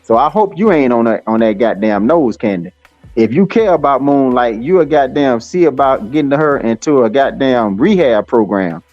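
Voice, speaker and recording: A man's voice: medium pitch, expressive, moderate pace, darkish tone, no room sound, soft background music. Man, rambling profane stream rant, fillers galore; dry, dull lo-fi audio. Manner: cursing, taunting, rambling with many fillers. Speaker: livestream host.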